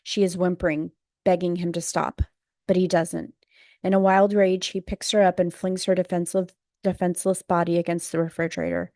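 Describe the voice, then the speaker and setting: A woman with a lowish voice reads a memoir aloud in a measured, subdued way. Her delivery stays flat with little melody. The sound is dry and close, with no room around it. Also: dry recording. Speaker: audiobook narrator. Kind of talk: memoir audiobook narration.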